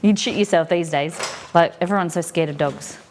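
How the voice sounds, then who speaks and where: A woman's voice: fairly low pitch, fairly quick, darkish tone, slight background noise. Chatty woman cooking live. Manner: chatty, rambling storyteller with frequent fillers. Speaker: cooking stream host. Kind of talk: casual chat while cooking. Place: home kitchen.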